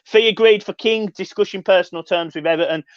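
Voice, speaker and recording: A man hosting a casual live stream, reading and answering chat with sweary, excitable banter. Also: sits high, brisk, no room sound. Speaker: livestream host reading chat. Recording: dull lo-fi dry sound.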